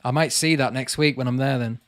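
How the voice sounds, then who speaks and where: Speaking at a medium pitch with fairly even intonation, this channel host briskly works through his live chat. He reads viewers' comments aloud on a casual livestream and chats back, calling everyone "mate." The recording is dry.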